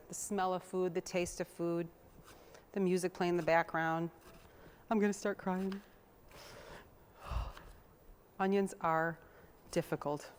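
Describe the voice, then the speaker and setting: A young woman hosting a TV cooking show, chatting in a homey way while she chops and mixes. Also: fairly low pitch. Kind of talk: casual cooking demonstration.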